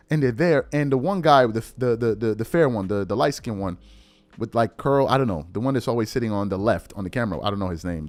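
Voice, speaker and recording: A man delivering a heated, indignant commentary monologue as a YouTube commentator, emphatic and given to repeating words for stress. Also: a little high.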